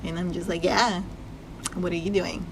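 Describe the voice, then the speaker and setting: A woman's voice: fairly low pitch, little pitch movement, normal speed, vocal fry, slight background noise. A young woman in college co-hosting a podcast, chatting casually, laughing easily and giving short replies. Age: young adult. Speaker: podcast co-host. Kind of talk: casual chat.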